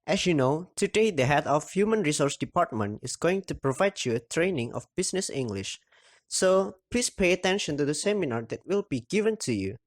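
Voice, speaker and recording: Lively young man moderating formally. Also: fairly high pitch, brisk, no room sound. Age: young adult. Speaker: moderator in a role-play. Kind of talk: scripted role-play introduction.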